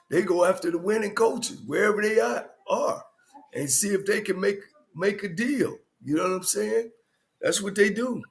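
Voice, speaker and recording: High-voiced joking coach co-host man. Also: normal speed. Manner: laughs often, loose and joking. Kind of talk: casual sports talk.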